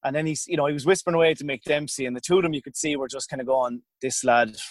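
A man's voice: fairly high pitch, rapid-fire, dry recording. A man in his thirties with an Irish accent, telling stories in a rambling, colloquial way as a podcast guest. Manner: rambling, self-interrupting, colloquial. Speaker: podcast guest, former hurler. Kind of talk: casual storytelling.

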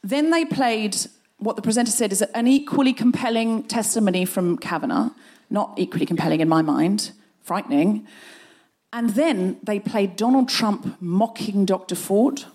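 A woman's voice: medium pitch, moderate pace, a little mellow. A woman podcast host telling a comic anecdote to a live audience, acting out the voices of the people she quotes and laughing through parts of it. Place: live show on a stage.

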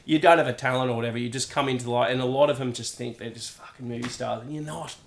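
Young Australian man, rapid, animated storyteller, swears a lot, roomy echo. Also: medium pitch, gravelly, crowd noise. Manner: swearing, animated, acts out quoted voices. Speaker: guest. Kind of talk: casual storytelling chat.

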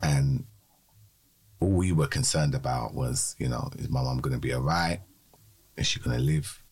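Very deep, husky man. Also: moderate pace, darkish tone. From London. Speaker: podcast co-host. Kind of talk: personal testimony in a podcast conversation.

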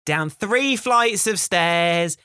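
A man's voice: sits high, expressive, very slow, pushed and bright, clear, resonant tone, no echo, studio quality. A man co-hosting a podcast, ranting in an exasperated, grumbling way. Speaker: podcast co-host. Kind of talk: casual chat.

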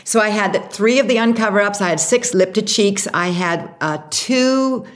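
A woman being interviewed about starting her makeup brand, telling the story with lively, acted-out quotes. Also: medium pitch, normal speed. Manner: animated storyteller, acts out quotes. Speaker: guest, makeup artist and brand founder.

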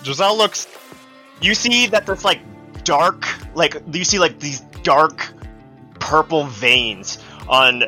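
A man's voice: on the high side, expressive, slow, sharp tone, soft background music. A man narrating as game master of a tabletop role-playing game, loose and full of fillers. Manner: loose, filler-heavy narration, swears casually.

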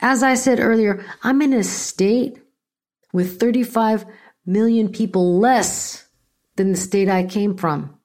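A woman's voice: mid-range voice, slow, a little mellow. This is a middle-aged woman from California talking on her own podcast. She is blunt and sarcastic, swears freely, and rants in a loose, casual way about politics. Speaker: podcast host.

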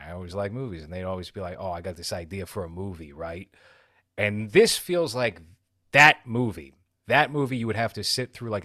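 A man co-hosting a casual movie review chat, telling stories in an animated way and laughing often. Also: on the low side, no room sound, clean studio sound. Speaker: podcast co-host.

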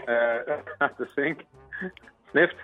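A man's voice: mid-range voice, takes it slowly, phone-quality sound, faint music behind. A man calling in to a radio show, giving short, jokey answers with chuckles. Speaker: caller. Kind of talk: phone-in chat.

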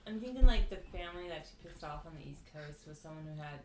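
A woman's voice: sits low, animated, quick pace. Giggly woman in an echoey room. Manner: giggly, hesitant, many fillers. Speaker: player. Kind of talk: casual tabletop game chat. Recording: echoey room, audible noise.

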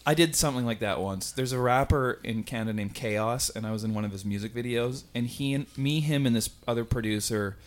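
A man hosting a comedy podcast, telling a relaxed story and laughing along. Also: mid-range voice, brisk, hardly any pauses. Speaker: podcast host. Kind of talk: casual podcast chat.

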